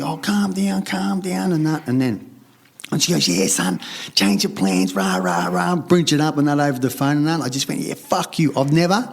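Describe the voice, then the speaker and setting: As a guest on a podcast, a middle-aged Australian man from Sydney spins a rambling, heated story in conversation, cursing heavily and performing others' lines. His voice is a little high and creaky.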